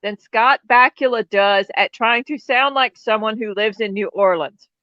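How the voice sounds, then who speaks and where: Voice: mid-range voice, moderate pace, sharp tone, dry recording, lo-fi sound. A participant chatting casually and teasing in an online group call.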